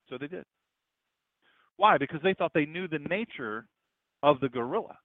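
A man preaching a sermon in a conversational style, asking rhetorical questions and swinging between loud and hushed lines. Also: on the high side, animated, normal speed, no room sound. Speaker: pastor. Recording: tinny, phone-like dry recording.

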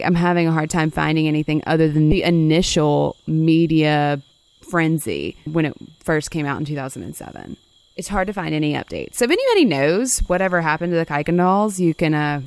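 A woman's voice: low-pitched, lively intonation, brisk, clear, resonant tone, dry recording. A woman co-hosting a casual true-crime podcast, reacting with wry, sarcastic quips. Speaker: podcast co-host.

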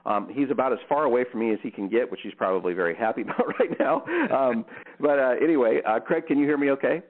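A man's voice: medium pitch, expressive, fast talker. A man hosting a casual interview, upbeat and full of ums and restarts. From US Northwest. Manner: upbeat, filler-heavy, stumbling restarts. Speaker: podcast host. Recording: tinny phone-like line.

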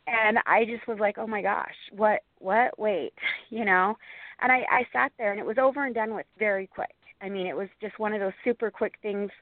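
A woman in her forties from Montana, telling her story earnestly as an interview guest, in a halting way with many restarts. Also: mid-range voice, no echo. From Montana, USA. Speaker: guest, Bigfoot researcher and author. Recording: tinny phone line, dry.

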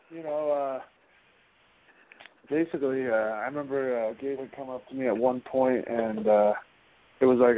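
A man being interviewed as a guest, telling stories in a loose, rambling way full of "you know" and "like". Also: mid-range voice. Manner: rambling, filler-heavy, constant "you know" and "like". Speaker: guest wrestler. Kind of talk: casual interview storytelling. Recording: phone line with faint hiss.

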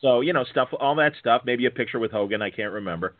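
A man's voice: mid-range voice, quick pace, no room sound. A man hosting a podcast, chatting casually and laid-back, acting out quotes in a story. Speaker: podcast host. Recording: dry tinny phone-like line.

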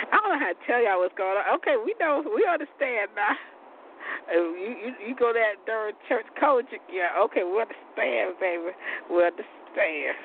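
A woman's voice: medium pitch, unhurried, creaky, pauses often. A woman hosting a call-in talk show, chatting frankly in a casual monologue. She stumbles over words, repeats herself and laughs often. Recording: tinny phone line, faint noise.

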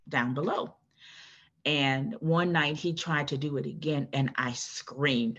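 A woman guest telling her own story in an earnest, measured way, with a husky voice. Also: low voice, fairly bright tone, dull audio. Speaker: interview guest. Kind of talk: personal testimony.

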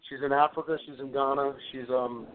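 A middle-aged man casually telling stories on a call, animated and repeating words as he goes. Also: mid-range voice, fairly quick, a crowd in the background. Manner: animated anecdote teller, repeats words as he talks. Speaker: guest wrestler. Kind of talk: casual storytelling on a phone call. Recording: tinny phone line.

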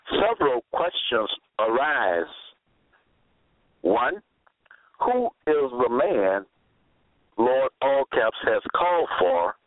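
Male preacher, unhurried and emphatic, heard over a thin phone-like line. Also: mid-range voice, dry recording. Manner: deliberate, spells words out, repeats phrases for emphasis. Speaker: religious preacher. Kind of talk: slow scripture-quoting sermon monologue. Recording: tinny phone-line audio, dry.

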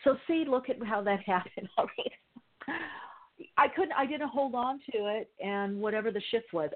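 A woman hosting a call-in radio show as a mystic healer, telling stories with animated quoted voices. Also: medium pitch. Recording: narrow phone-like sound.

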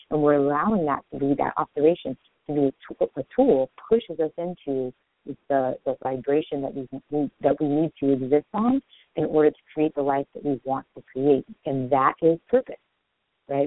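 A man hosting a spiritual radio show, talking fast and earnestly off the top of his head in a long monologue. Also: on the high side, no room sound. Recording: tinny phone-line sound, dry.

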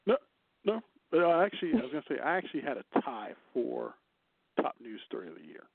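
A man's voice: medium pitch, sing-song, fast, vocal fry, husky, no echo. A man co-hosting a casual news chat show, chatty and teasing, laughing often. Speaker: co-host. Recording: dry, tinny phone-like line.

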